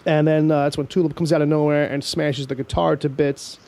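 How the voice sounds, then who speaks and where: Guy hosting a tv recap podcast, kinda raspy fry in his voice, rambly, lots of ums. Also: fairly high pitch, flat delivery, brisk, background noise. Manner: rambling, fills with "um" and "like", acts out scenes. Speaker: podcast host. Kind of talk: casual TV recap chat.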